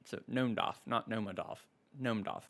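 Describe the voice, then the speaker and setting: A man's voice: mid-range voice, animated, moderate pace, fairly bright tone. A man giving a casual voice-over review of game items, gushing and chatty, with frequent gasps and repeated words. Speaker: game content creator.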